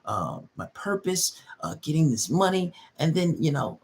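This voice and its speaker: A man's voice: on the high side, sing-song, moderate pace. Emphatic, repetitive man lecturing on relationships. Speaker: relationship advice host. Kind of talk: monologue giving advice.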